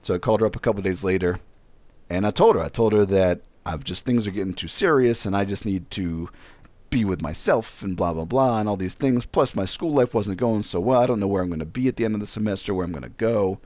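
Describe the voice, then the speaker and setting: A man's voice: lowish voice, fast talker, darkish tone, dry recording. A man from Virginia telling a personal story in casual chat, rambling and self-deprecating, with frequent restarts. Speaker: podcast co-host.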